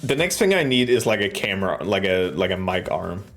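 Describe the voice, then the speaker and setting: Lively, rambling male streamer. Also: low voice, fairly quick, faint music behind. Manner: rambling and jokey, with sudden swearing outbursts. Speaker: live streamer. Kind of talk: casual live-stream chat while coding. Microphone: desk microphone close in front.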